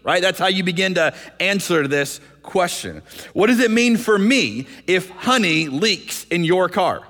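A male pastor delivers a sermon with earnest energy, slightly high in pitch for a man. He often restarts his phrases and sometimes drops into acted voices. His voice rings out with the long reverb of a church hall. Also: expressive, measured pace, fairly bright tone. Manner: earnest preaching, acts out voices in quotes, frequent restarts.

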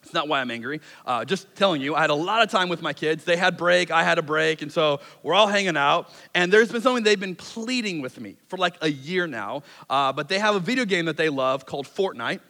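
A man in his thirties preaching a sermon as a pastor, telling stories in a relaxed, self-deprecating way and acting out quotes. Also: fairly high pitch. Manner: conversational, self-deprecating storytelling with quick acted-out quotes. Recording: long hall reverb.

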